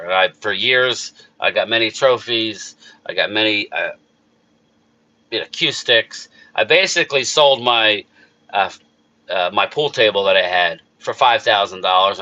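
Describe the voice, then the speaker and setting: The audio is dull, carrying a fairly low, bright and forceful male voice. He is a middle-aged man with a South Jersey accent hosting a casual live chat on his YouTube sports channel, rambling emotionally and talking back to chat readers as he answers viewers.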